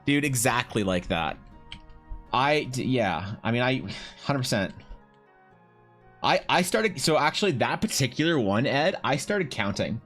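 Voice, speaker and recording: A man with a mid-range, slightly bright voice chats casually while drawing on stream, rambling, swearing and restarting a lot. He speaks unhurriedly with lively intonation and frequent pauses, and faint music plays in the background.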